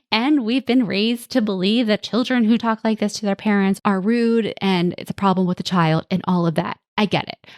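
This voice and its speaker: Woman, podcast host, parenting coach, reassuring and direct, middle pitch, dry close sound. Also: no room sound. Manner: coaching, reassuring, acts out quotes from kids and parents. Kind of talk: solo podcast talk.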